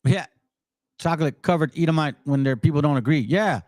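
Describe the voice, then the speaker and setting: A fiery, blunt man with a fairly high voice hosts his own Bible channel. He moves between plain, direct commentary and scripture read aloud. The sound is dry and close, with almost no room echo. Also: brisk, darkish tone. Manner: fiery, emphatic.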